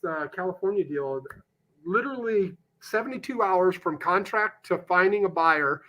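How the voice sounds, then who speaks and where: A man with a voice on the high side and a bit bright is interviewed on a podcast as a real estate investor. He speaks passionately about deals, punchy like a salesman, dropping the odd casual swear.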